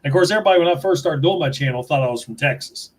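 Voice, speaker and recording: A man from West Virginia hosting a casual livestream, telling chatty stories and cracking dry, dark jokes. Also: a little high, very fast. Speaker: toy reviewer, livestream host.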